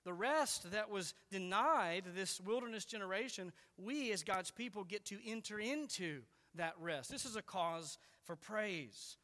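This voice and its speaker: Emphatic high-voiced man preaching. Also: animated, a little slow, hardly any pauses, bright, forceful tone, in a large hall. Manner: earnest, emphatic, repeats key words. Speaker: pastor. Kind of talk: expository sermon.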